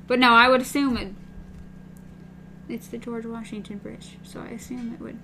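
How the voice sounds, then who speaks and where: A woman's voice: fairly high pitch, fairly even intonation, moderate pace, noisy background. A woman co-hosting a casual book discussion, recapping and reading passages aloud.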